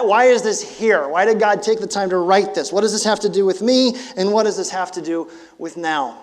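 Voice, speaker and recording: Animated high-voiced pastor in his forties. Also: long reverb tail. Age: 40s. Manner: animated, conversational preaching with emphatic bursts. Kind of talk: sermon.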